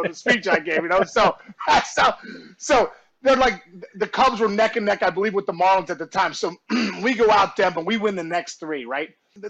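A man being interviewed, telling a story with animated energy, shouting out the punchlines, acting out other people's voices, and laughing often. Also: high-pitched, dull audio. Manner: lively, acts out quoted voices and shouts punchlines; laughs often, warm and effusive. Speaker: guest, former baseball player. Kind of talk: animated storytelling in casual chat.

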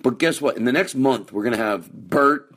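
Rambling podcast host man, loud swings. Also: mid-range voice, moderate pace. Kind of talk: casual rambling monologue.

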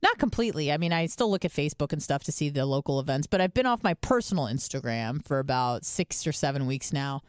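A woman co-hosting a talk podcast, rambling through stories in relaxed, unfiltered chat with plenty of swearing. Her voice sits a little low for a woman, and the recording is close and dry. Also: fast talker, hardly any pauses, dry recording. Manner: chatty storytelling, swears freely. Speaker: podcast co-host. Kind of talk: casual chat.

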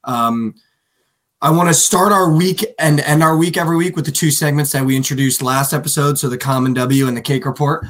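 A man co-hosting a sports podcast in casual, animated chat, swearing freely and mimicking players. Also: on the high side, fairly quick. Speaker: podcast co-host.

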